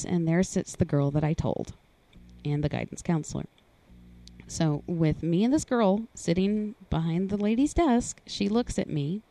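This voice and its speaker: Low-voiced woman recounting earnestly. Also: mellow, no room sound. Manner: earnest, halting, rises in pitch when voicing others. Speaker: guest sharing personal story. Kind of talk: personal testimony in conversation.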